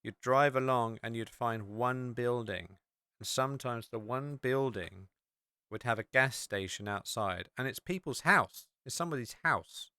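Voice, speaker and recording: A man's voice: medium pitch, a little slow, bright, forceful tone, clean tone, dry recording, clean studio sound. An English man hosting a podcast, chatting casually and rambling with many fillers while he walks through a map on screen. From England. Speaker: podcast host.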